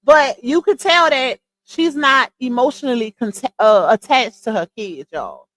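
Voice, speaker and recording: A woman's voice: a little high, expressive, measured pace, fairly bright tone. A woman hosting a live stream, chatting casually and incredulously to her viewers, with laughing asides. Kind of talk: casual commentary on a clip.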